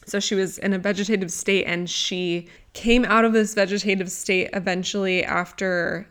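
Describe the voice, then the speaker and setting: A woman's voice: mid-range voice, fairly even intonation, moderate pace, a bit bright. A woman podcast host introducing her guest with effusive enthusiasm and speaking directly to her listeners.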